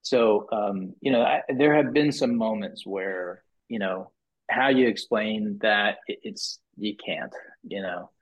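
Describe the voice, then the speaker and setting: Husky-voiced man telling a story. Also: slow. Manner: animated storyteller, many restarts and "you know"s, rises high acting out quotes. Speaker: podcast guest, business owner. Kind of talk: casual storytelling interview. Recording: muffled lo-fi podcast audio.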